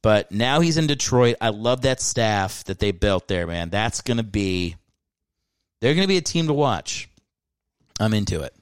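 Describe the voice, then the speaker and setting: A man's voice: on the low side, expressive, unhurried, clean tone, dry recording, clean studio sound. A man hosting his own podcast, ranting casually with profanity and self-mocking asides. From Philadelphia area. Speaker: podcast host. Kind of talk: casual solo podcast rant.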